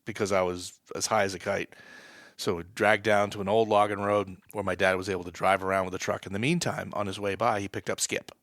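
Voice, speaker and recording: A low-pitched man with a gravelly New England voice recounts a hunt in a podcast interview. The sound is dry and close, with no room around him. He builds excitement as the story peaks. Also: fairly quick, dry recording. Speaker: guest, wildlife department staff.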